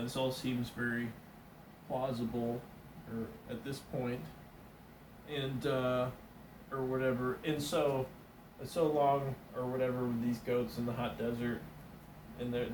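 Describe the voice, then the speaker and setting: A man's voice: mid-range voice, reverberant, distant mic, noisy background. A man doing stand-up comedy and telling a meandering story, full of fillers and restarts, putting on small voices for the people in it. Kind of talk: rambling comic storytelling.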